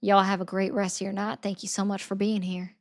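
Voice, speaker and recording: A woman's voice: medium pitch, flat delivery, a little fast. A woman hosting a livestream in a casual, rambling way, answering viewer comments and thanking viewers. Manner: chatty, rambling, reads viewer comments aloud. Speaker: livestream host.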